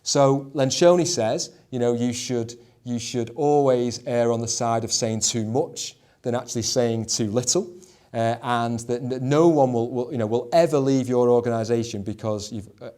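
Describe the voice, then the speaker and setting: A man's voice: mid-range voice, fairly even intonation, normal speed, mellow. A man leading a discussion on leadership as a schools executive director, often stumbling over repeated words and filling with "you know".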